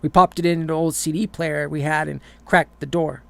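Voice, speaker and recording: Gravelly man narrating a horror story. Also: a little high, level tone, moderate pace, no room sound. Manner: stumbles and repeats words while reading. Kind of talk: reading a horror story aloud.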